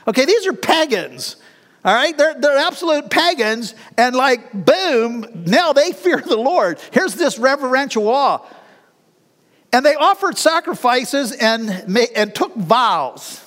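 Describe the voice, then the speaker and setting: A middle-aged man preaching a sermon in a folksy, animated way, with laughs between his lines. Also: very high-pitched, slow pace, big-room sound. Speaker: pastor.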